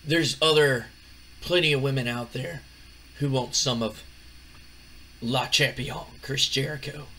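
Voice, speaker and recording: A man's voice: on the low side, monotone, a little slow, few pauses, low-quality recording. A man voicing a boastful, smarmy wrestling champion who is full of himself.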